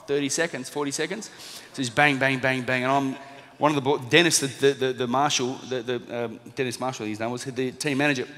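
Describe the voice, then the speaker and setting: Before a live audience in an echoing hall, a thirtysomething Australian man with a mid-range voice tells a lively story, voicing each person's lines and chuckling at his own expense. He's a motivational speaker who used to box.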